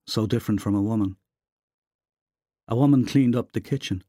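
A man narrates a literary short story in a measured, even way. His voice is low, and the recording is close and dry with no room sound. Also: dry recording. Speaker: reader. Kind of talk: literary fiction reading.

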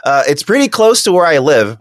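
Male podcast co-host, animated pitch, dry close mic, laughs easily, reads letters aloud. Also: brisk, no echo. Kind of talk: casual podcast chat.

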